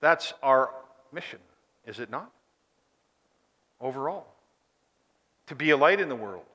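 A male preacher delivering a sermon, emphatic and full of rhetorical questions, swinging between loud and hushed delivery in a church. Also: medium pitch, animated, a little slow, long reverb tail.

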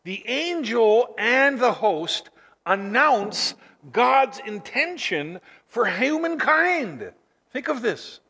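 A man preaching a sermon as pastor, swinging from near-shouts to hushed, quiet lines. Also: very high voice, sing-song, slow, slightly rough. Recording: long hall reverb.

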